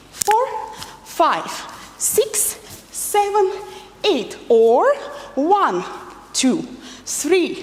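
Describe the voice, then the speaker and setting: High-voiced woman teaching dance slowly. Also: a little mellow, big-room sound. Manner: patient, counts beats aloud while demonstrating. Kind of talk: instructional dance lesson.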